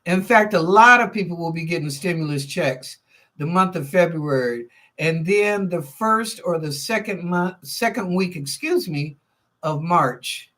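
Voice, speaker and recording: A woman hosts a live psychic reading show and answers viewers' questions one by one. She talks slowly and casually, thinks out loud and repeats herself as the answers come to her. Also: fairly low pitch, animated. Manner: chatty and informal, thinks aloud, repeats phrases. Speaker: psychic reader and show host.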